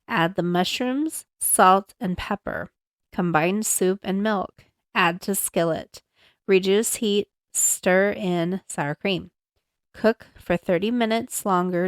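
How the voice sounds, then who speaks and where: A woman's voice: lowish voice, no echo, clean studio sound. A young woman hosting a home recipe podcast, reading ingredients and steps in a chatty, apologetic way while fiddling with a handheld mic. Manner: chatty, apologetic, self-conscious about her mic. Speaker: podcast host. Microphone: handheld mic, moved around.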